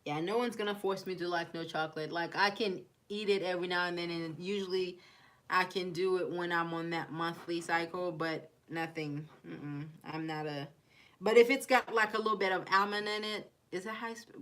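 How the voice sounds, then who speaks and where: A woman's voice: lowish voice, fairly even intonation, moderate pace, a bit bright. A young woman with a mixed Haitian and Kentucky accent chatting casually on a live stream, rambling, reading viewer comments aloud and laughing often. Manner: laughs often, giggly asides.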